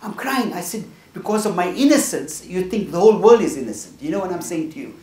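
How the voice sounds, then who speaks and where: A middle-aged man speaks earnestly to a small group, giving a motivational talk and checking in with "right?" at the end of each point. His voice sits a bit high for a man and is picked up from across an echoing room. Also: lively intonation, fast talker, darkish tone. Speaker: workshop speaker. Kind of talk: motivational talk with personal stories. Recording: echoey room from a distance.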